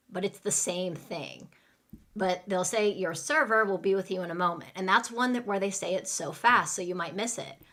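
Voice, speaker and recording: A woman teaching English in a live online class, speaking slowly and clearly and acting out restaurant phrases for learners to repeat. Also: medium pitch, fairly bright tone. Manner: slow, clear teaching delivery with role-play lines.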